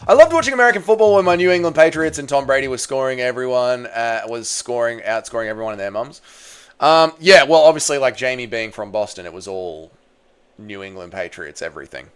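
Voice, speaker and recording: Excitable Australian man streaming fights. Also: mid-range voice, a little fast, clean tone. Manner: swears freely, reads chat aloud, yells at the fight. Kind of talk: casual livestream chat and fight reaction.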